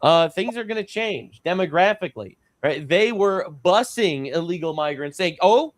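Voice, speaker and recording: A man's voice: high-pitched, expressive, normal speed, dry recording. A man hosting a podcast, talking casually in a rambling, sarcastic way with many fillers. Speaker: podcast host.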